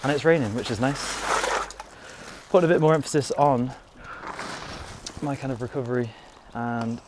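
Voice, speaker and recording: Background noise accompanies a young man's medium-pitched, moderately paced voice as he casually vlogs about fitness from a garden. His talk to camera is chatty and rambling, full of "you know."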